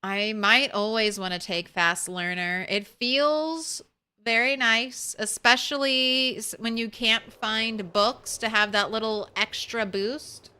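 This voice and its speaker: A woman's voice: a little high, fairly even intonation, slow, sharp tone, clear, resonant tone. A woman streaming a video game, chatting casually and playfully with her viewers and talking to her cat between jokes. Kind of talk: casual livestream chat while gaming.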